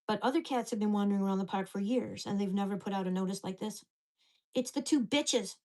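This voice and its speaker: At home, a woman vlogger angrily rants about her neighbors, swearing and indignant. Her voice is mid-range and dark, with fairly even intonation, and she talks fast.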